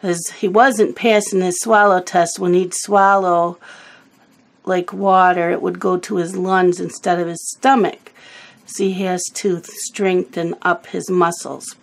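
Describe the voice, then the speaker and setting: Slow-talking woman chatting while coloring. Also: lowish voice, little pitch movement, gravelly. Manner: rambling storytelling, loses her words. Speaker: coloring video host. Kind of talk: casual chat while coloring.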